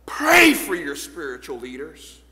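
A man preaching an evening church sermon as pastor, reading old scripture aloud and building to shouted points. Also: a little high, wildly swooping pitch, measured pace, long reverb tail. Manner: reads old-fashioned scripture verses aloud. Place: church sanctuary.

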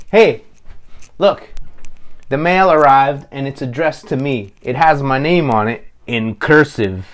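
A man's voice: medium pitch, normal speed. A man hosting a children's puppet show, explaining each step to young viewers in a friendly way. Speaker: puppeteer host.

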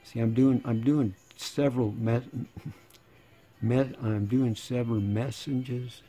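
A man in his sixties, rambling and sarcastic in a casual monologue, slightly hoarse. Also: mid-range voice, fairly even intonation, slow, dark tone, faint music behind. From United States. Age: 60s. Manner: sarcastic, rambling, laughing between lines. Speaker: channel host.

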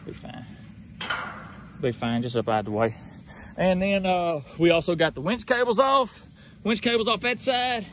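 A man's voice: high-pitched, a bit bright, a little hiss or hum. A man narrating a casual outdoor vlog as a hog trapper, chatting in a folksy way with asides to his viewers. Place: outdoors near a house.

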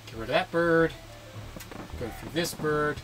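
A man's voice: a little high, unhurried, a bit bright, recorded from a distance, soft background music. A man co-hosting a let's-play video, making dry, offhand remarks as the game goes on. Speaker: gaming co-host. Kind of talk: casual let's-play banter.

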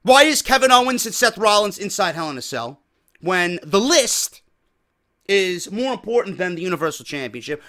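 A man's voice: high voice, sing-song, moderate pace, bright, forceful tone. A man with a New York accent hosting a wrestling podcast, ranting profanely and firing off rhetorical questions. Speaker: podcast host.

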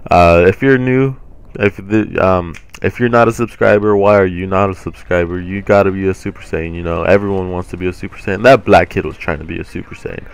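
A man's voice: low-pitched, fairly even intonation, brisk, vocal fry, clear, resonant tone. A young man hosting a gaming channel, rambling in casual chat with lots of restarts and fillers, his voice groggy from just waking up. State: groggy morning voice.

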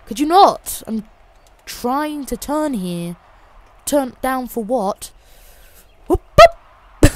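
A woman giving excitable, jokey live commentary over her own gameplay, with bursts of loud exclamations. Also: fairly high pitch. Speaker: gaming YouTuber.

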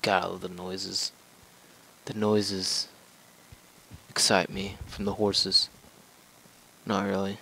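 A man's voice: low-pitched, flat delivery, slow pace, vocal fry, long pauses, sharp tone, poor audio. A man giving casual gameplay commentary as a let's play gamer, joking, rambling and talking to the game as he plays.

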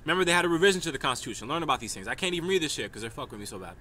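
Rambling man, bright emphatic voice. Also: on the high side, lively intonation, very fast, slight background noise. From New York. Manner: stream-of-consciousness, emphatic, repeats "right?". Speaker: vlogger. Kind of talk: rambling monologue.

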